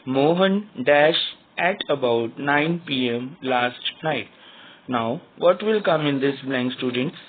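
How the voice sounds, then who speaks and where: A man teaches a grammar lesson to young pupils. He speaks very slowly and spells words out letter by letter in a somewhat husky voice. The sound is thin and tinny, like a phone line. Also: mid-range voice, lively intonation.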